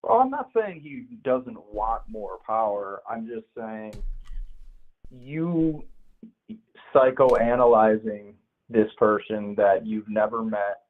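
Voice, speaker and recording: A man calling into a political show, arguing in a measured way and insisting on finishing his point. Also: fairly low pitch, expressive. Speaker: caller. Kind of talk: heated live call-in argument. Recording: tinny phone line.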